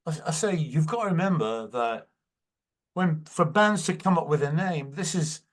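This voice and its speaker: A man's voice: on the high side, lively intonation, moderate pace. Older English male guest, Manchester accent, casual anecdotal storyteller. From England. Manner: anecdotal, acts out quotes. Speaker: guest musician. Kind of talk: casual interview chat.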